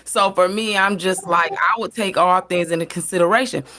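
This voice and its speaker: A woman's voice: lowish voice, steady tone, normal speed, bright, forceful tone. A woman hosting a casual panel talk, rambling with many fillers and restarts.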